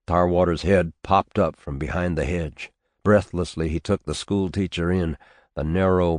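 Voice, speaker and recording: Deep-voiced man reading an audiobook. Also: dry recording, studio quality. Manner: steady, measured reading. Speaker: audiobook reader. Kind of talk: scripted narration.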